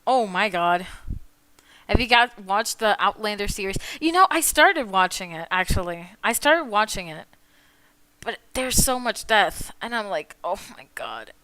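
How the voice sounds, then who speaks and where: A woman's voice: mid-range voice, expressive, unhurried, clear, resonant tone, no room sound. A woman streaming her drawing, chatting casually, swearing freely and laughing a lot as she rants in mock outrage. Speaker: artist streaming while drawing. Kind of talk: casual chat. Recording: soft music behind the voice.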